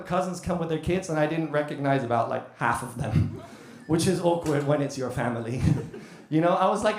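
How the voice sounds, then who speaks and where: A man's voice: on the high side, echoey room. A man in his thirties from the UK doing a chatty stand-up comedy set with crowd work. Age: 30s. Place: comedy club stage.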